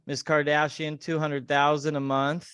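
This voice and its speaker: A man's voice: fairly high pitch, little pitch movement, moderate pace, fairly bright tone, smooth, no room sound, studio quality. A man hosting a podcast, reading memes aloud in casual, mocking chat. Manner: sarcastic, mocking. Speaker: podcast host.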